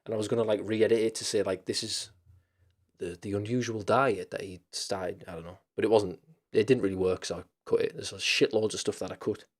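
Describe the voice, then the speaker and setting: A man's voice: on the low side, fairly even intonation, brisk. A man hosting a casual chat stream, rambling loosely with lots of fillers, restarts and casual swearing.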